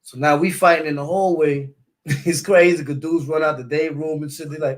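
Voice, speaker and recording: A man's voice: on the high side, fairly even intonation, moderate pace. A man from Brooklyn with a New York accent, telling a story in casual street slang and filling it with repeated words and sound effects. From East New York, Brooklyn.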